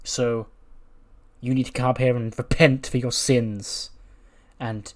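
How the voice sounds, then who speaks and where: Man playing a brooding dark wrestler, deliberate, menacing, fed up. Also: medium pitch, little pitch movement, natural voice.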